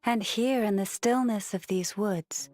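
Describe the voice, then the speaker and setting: An actress voicing a calm, solemn woodland priestess in a video game, speaking in a soft, measured way over loud game music. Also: female voice, medium pitch, no echo, clean studio sound, lightly acted. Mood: serene. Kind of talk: video game character dialogue.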